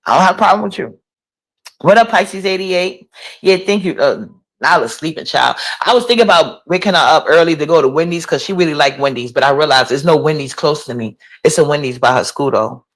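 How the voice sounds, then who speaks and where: A woman's voice: deep voice, expressive, a little fast. A woman, chatting casually on a livestream, reading and answering comments. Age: 40s. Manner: gossipy, incredulous, talks back to chat. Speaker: livestream host.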